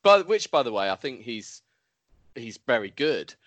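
A man hosts a casual podcast chat with a lively, swooping delivery. He talks in a dry, close sound and often restarts his sentences. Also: medium pitch, normal speed, dry recording. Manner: animated, hesitant restarts. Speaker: podcast host.

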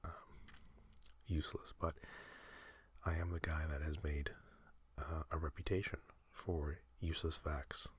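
A man hosting a sleep podcast, talking in a soft breathy whisper, slow and meandering with many fillers. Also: very deep voice, little pitch movement, no echo. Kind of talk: rambling whispered sleep talk.

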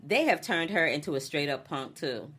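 Brief: woman, low-pitched, animated chatty recap co-host. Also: normal speed, husky. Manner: animated, laughs often, acts out characters' lines. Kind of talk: casual chat.

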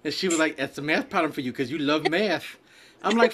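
A man's voice: fairly high pitch, fast talker. A man in casual chat, telling a story with lots of swearing and acted-out quotes. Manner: profane, animated storyteller acting out quotes. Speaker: podcast co-host telling a story.

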